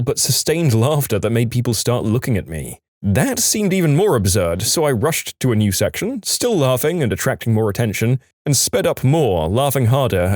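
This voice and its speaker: A man reading reader-submitted funny stories aloud as a lively, animated scripted narration. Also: medium pitch, no echo, studio quality. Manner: lively, animated storytelling delivery. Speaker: story narrator.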